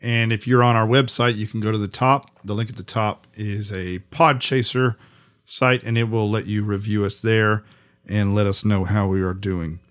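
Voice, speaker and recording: Closing out a podcast episode, a male co-host chats casually and thanks the listeners. His voice is fairly low and fairly bright, with a fairly even intonation and a moderate pace.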